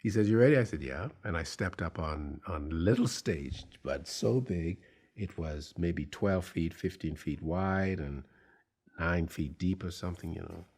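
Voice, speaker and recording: A man telling a personal anecdote in an interview, slow and deliberate, pausing with fillers. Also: deep voice, a little mellow, husky. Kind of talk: storytelling anecdote.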